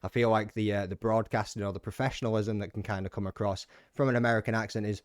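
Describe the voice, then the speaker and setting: A man's voice: fairly low pitch, steady tone, no echo, studio quality. A man hosting a podcast, chatting casually in a rambling, sweary way. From United Kingdom. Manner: rambling and sweary, fast-talking. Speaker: podcast host. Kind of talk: casual chat.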